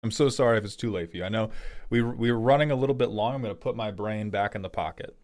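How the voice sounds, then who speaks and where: A man streaming live as a reviewer of viewers' card game decks, talking casually and profanely with loud outbursts. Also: on the low side, quick pace. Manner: animated, profane, breaks into loud outbursts and laughter. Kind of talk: casual livestream commentary.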